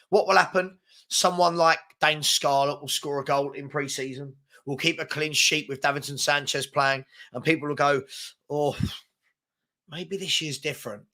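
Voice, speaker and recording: Man, live-stream host, frustrated rambling chat, fairly high voice, bright and forceful tone. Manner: frustrated, rambling, reads viewer comments aloud.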